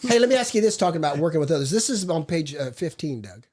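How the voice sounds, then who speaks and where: A man's voice: on the high side, sing-song, fast, a little mellow. Blunt, profane man telling a story. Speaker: podcast co-host. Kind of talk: casual recovery group chat.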